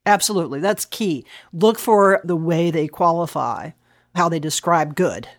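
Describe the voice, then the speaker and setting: A woman explaining historical sources in an animated, conversational way, reading quotations aloud. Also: fairly low pitch, normal speed, no room sound, clean studio sound. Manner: animated, reads quotes aloud with laughs. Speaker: historian guest.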